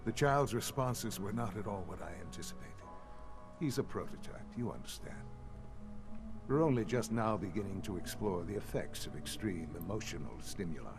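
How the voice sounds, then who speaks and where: An actor playing a calm, composed older man who leads a secret science group, speaking in measured, lecturing tones in video game dialogue. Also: on the low side. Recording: game audio with faint music underneath.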